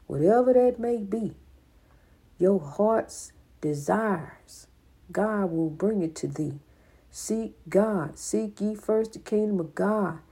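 A woman's voice: mid-range voice, dark tone, breathy edge. An older woman giving an informal, preaching monologue, repeating her points with emphasis in a folksy way. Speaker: spiritual speaker.

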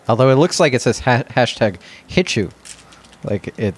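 A man's voice: mid-range voice, very animated, moderate pace, a little hiss or hum. A man hosting a podcast, talking in an easygoing, rambling way with many fillers at a studio microphone. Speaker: podcast host. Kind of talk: casual chat.

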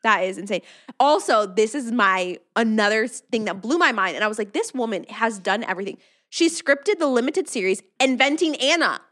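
A woman's voice: on the high side, lively intonation, moderate pace, fairly bright tone. A woman co-hosting a casual podcast chat, gushing and emphatic. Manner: gushing, emphatic, says "literally" often. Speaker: podcast co-host.

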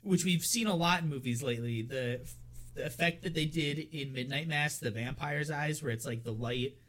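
A man co-hosting a casual horror movie podcast, chatty and quick to laugh, with lots of filler words. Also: fairly high pitch, fairly bright tone. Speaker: podcast co-host.

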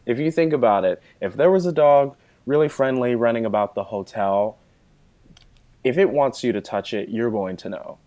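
A man's voice: mid-range voice, normal speed, darkish tone. A man talking at length as an interview guest, with a casual, explanatory manner full of "you know" fillers.

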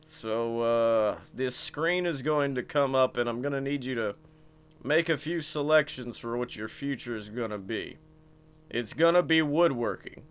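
A man putting on a gruff, deadpan middle-aged male bureaucrat giving flat instructions. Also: mid-range voice, measured pace, pitched below the performer's own voice, natural voice.

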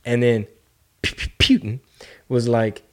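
A man co-hosting a podcast in casual, profane political banter, often slipping into quick mocking impressions. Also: medium pitch, flat delivery. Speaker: podcast co-host.

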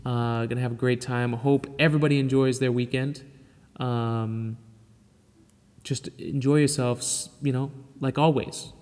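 A man's voice: medium pitch, steady tone, measured pace, a little mellow, long reverb tail. A man hosting his own podcast in an enthusiastic, loose, chatty way. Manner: enthusiastic, loose and chatty, with casual swearing and laughs. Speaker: podcast host. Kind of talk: casual solo podcast talk.

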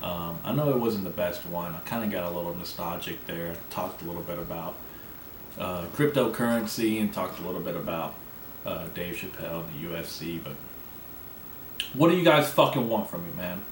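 A man's voice: deep voice, fairly quick. Brash, profane man in an echoey room. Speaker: podcast host. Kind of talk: casual solo podcast monologue. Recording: echoey room, mic at a distance, faint background noise.

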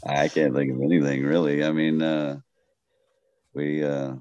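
A man with a Texan accent, a comedian guest telling stories at a slow, steady, laid-back pace. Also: smooth, dry recording, dull audio. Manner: slow-paced, deep, laid-back drawl.

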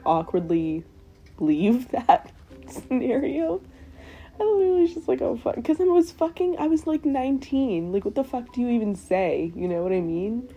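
A young woman hosting a podcast, telling her stories in a casual, animated way with frequent swearing and laughter. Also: medium pitch, lo-fi sound. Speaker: podcast host. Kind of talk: casual storytelling.

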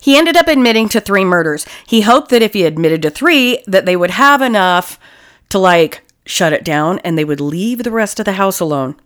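Profane, lively woman podcast co-host. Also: mid-range voice, normal speed. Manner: profane, jokey, bursts into silly put-on accents. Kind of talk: casual true-crime chat.

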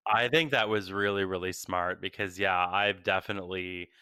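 Male medium co-host, lowish voice, bright and smooth, gentle reassuring delivery. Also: steady tone, normal speed, no room sound. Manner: gentle, reassuring, many fillers. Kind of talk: call-in show reading.

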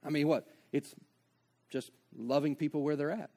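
A man's voice: a little high, steady tone, moderate pace, vocal fry, mellow. A man preaching a sermon as pastor, conversational, with joking asides and acted-out dialogue.

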